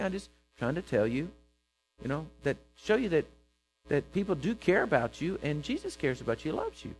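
Animated preacher man telling a story. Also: on the high side, fairly quick, faint music behind, rough recording. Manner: animated, voices characters in the story, bursts of loud emphasis. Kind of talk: sermon with storytelling.

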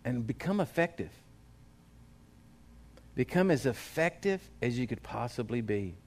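A man's voice: medium pitch, very animated, unhurried, a little mellow. A male pastor, preaching a sermon in a folksy, exhorting way.

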